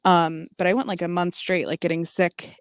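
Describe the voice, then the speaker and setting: Woman, stream guest, smooth clear voice, dry sound, lots of ums. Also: lowish voice, fairly even intonation, dry recording. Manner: halting, many ums, some swearing. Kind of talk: casual chat on stream.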